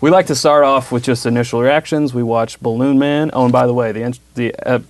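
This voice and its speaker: A man's voice: medium pitch, fairly even intonation, a little fast, no room sound. A man hosting a casual TV after-show podcast, upbeat and chatty, laughing easily. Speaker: host.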